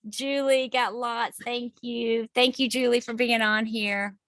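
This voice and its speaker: A woman's voice: a little high, steady tone, unhurried, a bit bright, dry recording. A woman hosting a group video call, upbeat and encouraging. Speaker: host of a wellness group call.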